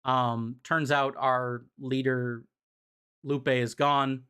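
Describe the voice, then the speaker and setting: A man's voice: medium pitch, level tone, very slow, sharp tone, smooth. Male streamer, casual rambling recap delivery, fillers throughout. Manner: rambling, frequent ums and restarts. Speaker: streamer summarizing comics. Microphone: desk mic on a live stream.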